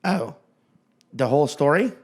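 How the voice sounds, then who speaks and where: A man's voice: fairly high pitch, lively intonation, a little slow, breathy edge. A man co-hosting a comedy podcast, telling stories in a loose, rambling way and joking with his co-host. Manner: rambling storyteller with playful repetitions. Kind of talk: casual chat.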